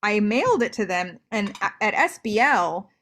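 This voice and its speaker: A young woman scholar as an interview guest on a video call, telling stories with animated asides and frequent restarts. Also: mid-range voice, moderate pace. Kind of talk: interview conversation.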